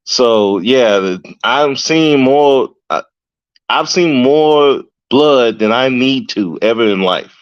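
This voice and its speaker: A man with a mid-range voice and lively intonation speaks slowly, hosting a podcast where he rants about his work as a correctional officer. His delivery is casual, profane, and slangy, full of fillers and restarts. The recording sounds dull, lo-fi, and dry.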